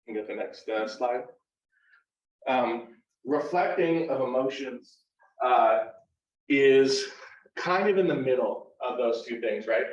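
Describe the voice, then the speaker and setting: A male university counselor leading a live workshop, talking conversationally and often checking in with "right?". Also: medium pitch. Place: classroom or workshop room. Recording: roomy, distant and dull live room recording.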